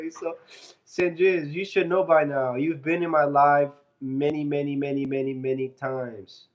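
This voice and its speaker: A man's voice: fairly high pitch, fairly even intonation, moderate pace, lo-fi sound. A man on a casual live stream, reading out viewer comments and answering them loosely and playfully into his phone. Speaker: fitness streamer.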